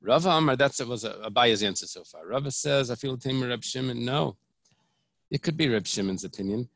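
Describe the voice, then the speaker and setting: A man's voice: mid-range voice, expressive, brisk, fairly bright tone, no room sound. A man, a rabbi, teaching a Talmud lesson. He explains each point step by step, often restarting and repeating phrases. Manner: explanatory, repeats and restarts, mixes Hebrew terms.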